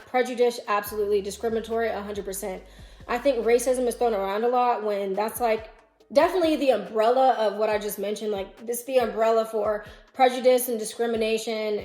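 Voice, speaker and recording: A woman reads online posts aloud and comments, chatty and opinionated. She thinks out loud and sits a touch high. The room is echoey, with faint music underneath. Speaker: vlogger. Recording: roomy echo, faint music.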